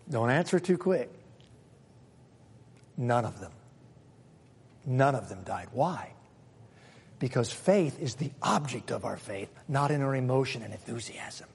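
A man preaching a sermon as pastor, dramatic, acting out quoted voices and swinging between loud and soft. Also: medium pitch, breathy edge, big-room sound.

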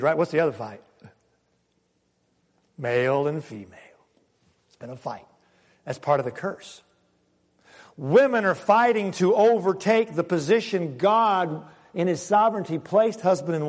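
A man preaching a sermon emphatically, with dramatic pauses, his voice swinging from loud to hushed. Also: high-pitched, in a large hall. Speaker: pastor.

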